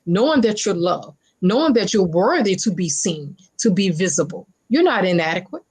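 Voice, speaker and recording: A woman's voice: on the low side, expressive, normal speed, a little mellow, slightly rough. A woman talk show guest speaking emphatically and motivationally, repeating phrases for stress in casual interview chat.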